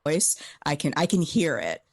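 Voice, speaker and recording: A woman with a low voice gives measured, analytical commentary. She sounds stuffed up from a cold. She is recording outdoors by a pool. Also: big pitch swings, vocal fry. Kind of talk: commentary video.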